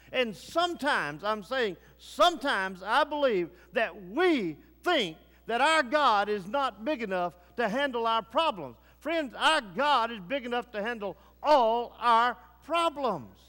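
A man preaching with fervor, his voice high-pitched for a man. He drops into low grave tones, then presses upward with urgency. The sound carries a long reverb. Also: a bit bright. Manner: fervent, swings between low grave tones and rising urgency. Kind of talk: sermon.

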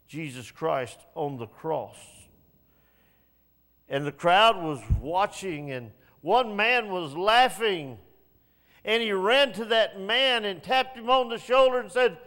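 A man preaching a sermon, dropping to hushed low passages and rising to pleading, raised lines. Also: big-room sound.

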